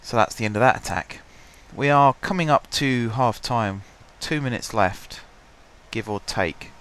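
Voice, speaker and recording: A man's voice: mid-range voice, measured pace, fairly bright tone. Stuffy-voiced man commentating a game. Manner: chatty, self-deprecating, clears his throat often. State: stuffy, blocked-up voice. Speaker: gaming commentator. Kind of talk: casual let's-play commentary.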